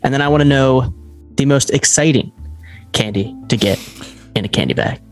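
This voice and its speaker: Young dude cohosting a podcast, goofy and animated, faint music behind. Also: male voice, normal speed. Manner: animated, jokey, pitch jumps up when excited. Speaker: podcast co-host. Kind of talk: casual chat.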